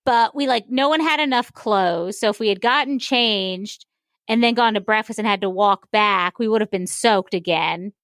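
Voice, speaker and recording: A woman's voice: mid-range voice, normal speed, a bit bright, no room sound, studio quality. A woman co-hosting a podcast, telling a story in casual chat with lots of filler words. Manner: rambling storyteller, many "like" fillers. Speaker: podcast co-host.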